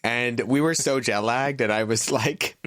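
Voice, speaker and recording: A man's voice: medium pitch, unhurried, fairly bright tone, dry recording, clean studio sound. A man co-hosting a podcast, telling playful stories in casual chat. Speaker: podcast co-host.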